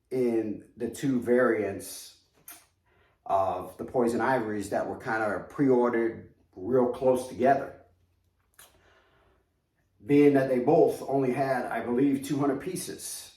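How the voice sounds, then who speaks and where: A man's voice: medium pitch, darkish tone, far from the mic. A man with a New York accent hosting a casual collectibles unboxing video, chatty and hyping his reveals straight to viewers. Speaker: collectibles reviewer. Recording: echoey room, voice a bit off-mic.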